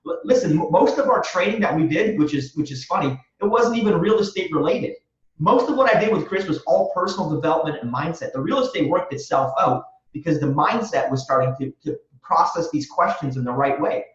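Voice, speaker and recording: A man's voice: on the high side, lively intonation, fairly quick, roomy sound, distant mic, dull audio. A man guest on a podcast, answering in an earnest, motivational way and repeating phrases for emphasis. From Romania. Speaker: guest, real estate wholesaler.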